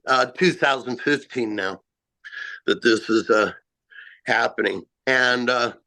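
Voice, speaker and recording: A man telling a first-person encounter story in a halting, rambling way, full of "you know" and "uh" fillers. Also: mid-range voice, sharp tone. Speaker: eyewitness guest.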